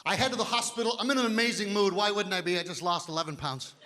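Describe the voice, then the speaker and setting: A man in his fifties performing a stand-up comedy set, telling big, animated stories on a stage mic in a live hall. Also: high-pitched, fast, heavy background noise. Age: 50s. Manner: big animated storytelling, drops to quiet voices for quoted doctor. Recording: live hall with audience laughter.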